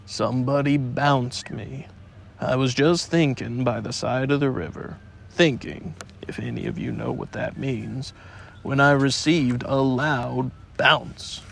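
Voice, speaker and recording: A gloomy old donkey drags out every word in a slow, self-pitying drawl, as a man reads him aloud. His voice sits low and gravelly and barely rises, thick with sarcasm. A storybook voice full of sulky resignation. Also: steady tone, a bit bright, slight background noise. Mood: glum.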